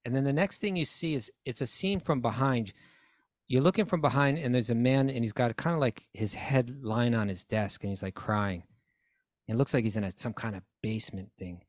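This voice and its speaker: A man's voice: mid-range voice, normal speed, no room sound, studio quality. A man casually retelling a story on a talk show, acting out the voices and laughs of the characters as he goes. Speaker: podcast co-host.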